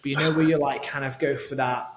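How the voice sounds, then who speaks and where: A man's voice: medium pitch, fairly even intonation, quick pace, slight background noise. A man talking as a guest online coach in a casual podcast chat, rambling with lots of fillers and restarts and swearing freely.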